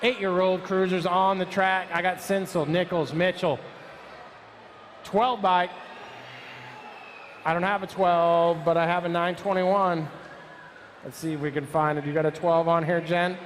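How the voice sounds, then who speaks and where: A man with a high voice calls a live BMX race, running through rider names, bike numbers and nicknames. He takes his time between calls. A faint hum of the outdoor track sits behind him. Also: level tone. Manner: rapid-fire calling of rider names and numbers. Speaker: race announcer.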